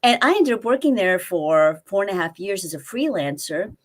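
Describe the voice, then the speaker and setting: A woman in her fifties with a fairly low, lively voice talks at a moderate pace. She is a life coach taking part as a guest in a relaxed interview chat from a spare room in a family home, and she acts out the dialogue in the stories she tells.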